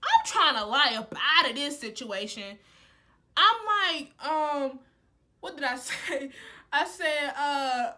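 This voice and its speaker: Young woman, high voice, bright, animated storytime rant, casual. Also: slow. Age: young adult. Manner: animated and heated, constant "like" fillers. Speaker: college student vlogger.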